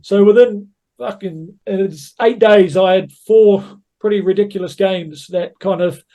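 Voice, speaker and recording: Blunt storytelling man, high bright-free voice. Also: unhurried. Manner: blunt, swears often, storytelling. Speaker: guest rugby coach. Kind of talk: casual podcast chat.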